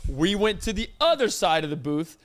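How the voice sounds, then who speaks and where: Podcast co-host, male, high voice, indignant storyteller. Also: moderate pace. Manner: animated, indignant storytelling with acted-out quotes. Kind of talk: casual storytelling chat.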